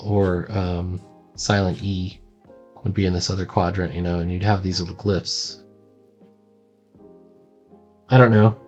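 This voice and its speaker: Low-voiced man rambling through a sketchbook. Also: darkish tone. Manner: rambling and self-deprecating, with many fillers. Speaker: cartoonist showing his sketchbook. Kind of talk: casual sketchbook tour.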